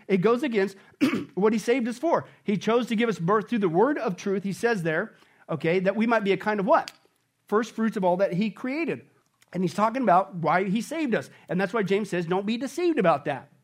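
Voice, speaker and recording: High-voiced emphatic male pastor preaching. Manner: emphatic, swings from loud exclamations to low intense tones; repeats "okay?" and "contextually". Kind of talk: expository sermon.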